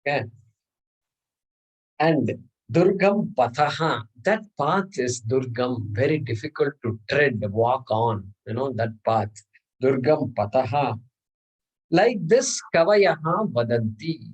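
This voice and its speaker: A man's voice: mid-range voice, lively intonation, slow, husky, lo-fi sound. A man, teaching a scripture class and explaining terms patiently, repeating words and chuckling often. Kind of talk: class lecture.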